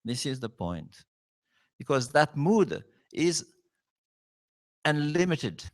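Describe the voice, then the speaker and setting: A visiting spiritual teacher, a man, gives a devotional lecture in non-native English, pausing often and checking in with "huh?". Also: on the high side, very animated. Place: temple hall.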